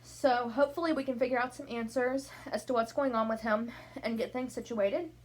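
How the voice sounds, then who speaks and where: A woman's voice: fairly high pitch, steady tone, brisk, a little mellow. A young woman chatting to camera from her room at night, a little out of breath, rambling from topic to topic. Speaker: vlogger. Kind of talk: casual chat to camera. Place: bedroom at home, at night.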